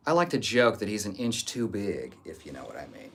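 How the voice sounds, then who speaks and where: A man's voice: fairly low pitch, wildly swooping pitch, fairly quick, fairly bright tone, breathy edge. A man streaming live, reading viewer comments aloud and answering with crude, jokey banter. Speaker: livestreamer reading chat. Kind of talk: casual livestream chat.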